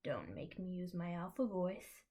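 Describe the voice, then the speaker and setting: A woman voicing a cool, domineering older man who speaks low and half-whispered. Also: animated, measured pace, mellow. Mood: cool purring.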